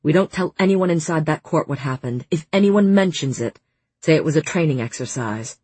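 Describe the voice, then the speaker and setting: Female narrator doing a commanding male fae lord, husky, curt orders, storybook reading. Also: low voice, lively intonation, fairly quick, darkish tone, no room sound. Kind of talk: audiobook narration.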